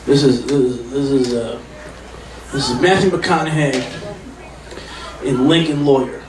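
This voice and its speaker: A man doing stand-up with impressions, swearing a lot and jumping into loud shouted bits. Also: medium pitch, fairly even intonation, a little slow, far from the mic, a crowd in the background. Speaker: stand-up comedian. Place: comedy club stage. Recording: roomy club sound from off mic.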